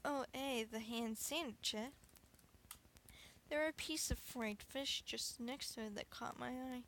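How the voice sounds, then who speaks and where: A woman's voice: on the high side, a little slow, a bit bright, slight background noise, low-quality recording. A woman voicing a pompous male suspect in a game, with an exaggerated mock foreign accent. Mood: smug.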